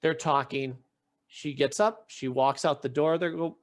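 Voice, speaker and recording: A man's voice: a little high, steady tone, measured pace. A man hosting a podcast, retelling a story in casual chat and acting out the quotes as he goes, often restarting his sentences. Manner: frequent restarts while recounting. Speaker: podcast host.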